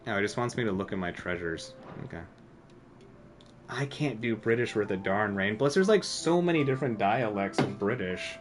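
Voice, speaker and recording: A man's voice: lowish voice, animated, moderate pace, music in the background. A man streaming a video game, chatting casually in a rambling, self-deprecating way full of filler words. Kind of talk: casual gameplay commentary.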